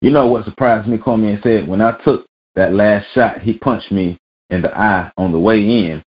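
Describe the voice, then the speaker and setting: A man's voice: lowish voice, normal speed. A man hosting a weekly sports rant, reading news aloud and bluntly cursing. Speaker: vlog host. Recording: dull lo-fi recording.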